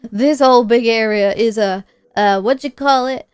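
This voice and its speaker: A woman voicing an injured, groggy male pilot who talks in a halting drawl. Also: fairly high pitch, clean tone, no room sound, lightly acted. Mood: weary. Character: injured, dazed male pilot, rough and weary.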